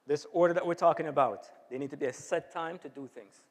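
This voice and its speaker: A man's voice: fairly high pitch, fast talker. Man giving a health talk in a reverberant hall. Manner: conversational, often asks the audience "right?". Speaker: health seminar speaker. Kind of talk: informal health talk to a church audience. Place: church hall.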